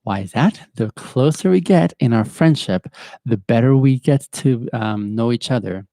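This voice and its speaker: A man's voice: medium pitch, expressive, normal speed, mellow, no echo. A man hosting a podcast alone, talking earnestly and reflectively, often stopping to ask the listener if it makes sense. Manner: earnest, repeats and restarts, asks listeners "does that make sense". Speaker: podcast host. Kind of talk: reflective solo podcast monologue.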